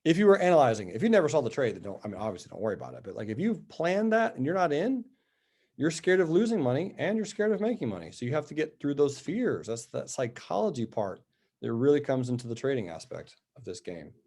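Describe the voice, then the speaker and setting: A man's voice: medium pitch, sing-song, fast, darkish tone. Upbeat man going over stock charts. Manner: upbeat, chatty, talks straight to viewers; reads out viewer questions and answers them. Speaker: stock trading host. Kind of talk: live market commentary over charts.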